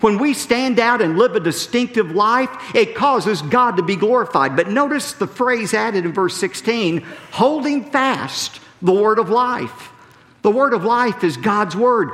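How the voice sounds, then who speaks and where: Male pastor, lively sermon delivery, slightly high voice, long church reverb. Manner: emphatic preaching, drops low and slow on key phrases. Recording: preached in a large hall with long reverb.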